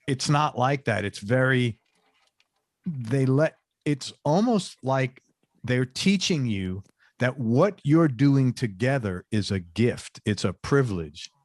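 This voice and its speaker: A man hosts a casual interview in a chatty, talkative way, explaining his points with everyday examples. His voice sits at an ordinary pitch for a man. The recording is dry and close. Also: lively intonation, slow, no room sound. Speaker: interview host.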